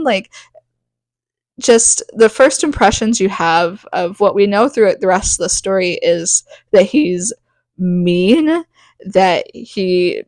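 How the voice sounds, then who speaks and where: A woman's voice: mid-range voice, dry recording. Chatty woman in her thirties, dry sound. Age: 30s. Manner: rambling, full of "like", acts out quick asides. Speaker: podcast host recapping a novel. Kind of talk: casual chatty book recap.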